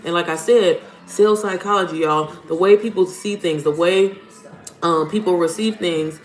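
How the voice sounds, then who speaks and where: Speaking at a moderate pace in a fairly low voice, a livestream host who coaches moms on business chats casually and bluntly, dropping swear words and addressing "y'all." The home room sounds roomy, with faint music.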